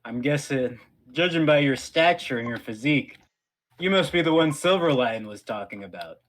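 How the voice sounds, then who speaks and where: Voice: mid-range voice, lively intonation, normal speed. A player in a tabletop role-playing game who describes their own actions and speaks in character.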